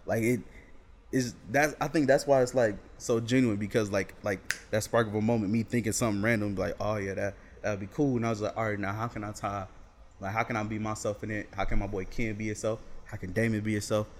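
Young male college student, casual podcast guest, low voice, rambling relaxed delivery, faint ambience. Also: fairly quick, a little hiss or hum. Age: young adult. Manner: laid-back storytelling with lots of "like", acts out his friends. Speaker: guest, sketch video creator.

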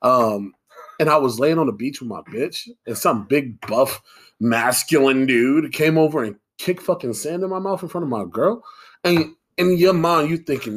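Male podcast host, husky, lively delivery, crude and joking. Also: medium pitch, moderate pace. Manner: loud, swearing, riffing and joking. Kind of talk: casual podcast banter.

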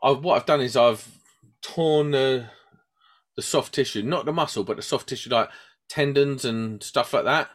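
A British man in casual chat who spins a rambling tale and slips into little voices for the people in it. He speaks at an ordinary mid pitch, neither deep nor high. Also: normal speed. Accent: British English. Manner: rambling and animated, acts out voices in his stories.

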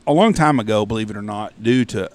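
A man hosting a podcast, telling a long hunting anecdote in a profane, animated, casual way. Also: fairly low pitch, quick pace. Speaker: podcast host. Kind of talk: casual storytelling.

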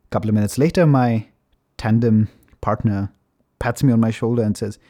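A man casually telling a personal story, relaxed and chatty, swearing now and then and laughing at himself. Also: on the low side, fairly quick. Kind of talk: casual anecdote.

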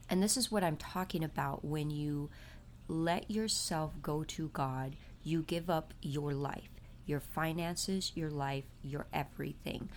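A deep-voiced woman, a vlogger and mother, chats with her audience in a confessional way, touching on her faith and her family. There's a little hiss or hum in the background.

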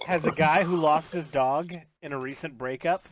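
A man's voice: on the high side, normal speed, heavy background noise. A man tossing out wisecracks in a casual podcast chat, swearing now and then.

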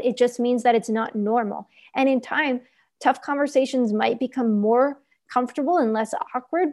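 A woman's voice: on the high side, a little mellow. A woman speaking as a guest, teaching in an earnest, explanatory way and often checking in with "right?" and "like". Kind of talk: conversational teaching.

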